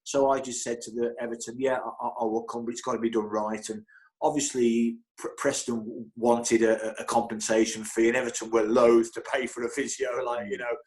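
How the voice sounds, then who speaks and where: A man's voice: medium pitch, level tone, a little fast, darkish tone. A middle-aged man, a football club physio, chatting as an interview guest, telling stories animatedly with frequent stumbles, restarts and chuckles. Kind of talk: casual anecdotal storytelling.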